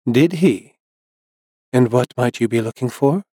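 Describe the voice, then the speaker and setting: A man reading the lines of a composed older woman herbalist who speaks in an even, unhurried tone. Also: mid-range voice, no echo, clean studio sound, lightly acted. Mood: cool.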